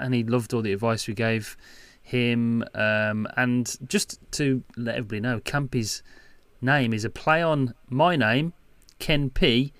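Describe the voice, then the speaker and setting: A man co-hosting a podcast in casual chat, easygoing, his sentences often trailing off softly. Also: medium pitch, no room sound. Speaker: podcast co-host.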